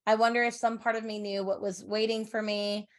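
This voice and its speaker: A woman's voice: mid-range voice, brisk. A woman co-hosting a casual book podcast, reading passages aloud and eagerly acting out the characters' lines. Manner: animated, acts out characters' lines. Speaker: podcast co-host.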